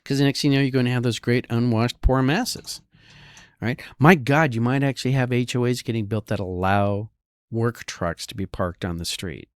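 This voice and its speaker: A man's voice: medium pitch, normal speed, smooth, dry recording, studio quality. A man who works as a real estate broker, giving casual market commentary in a sarcastic way and often checking in with the listener. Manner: sarcastic, keeps checking in with "all right?".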